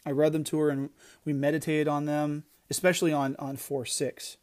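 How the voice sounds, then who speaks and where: A man's voice: a little high, flat delivery, moderate pace, a little mellow. A middle-aged man giving an earnest devotional talk, emphatic, often restarting his phrases. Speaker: podcast devotional speaker.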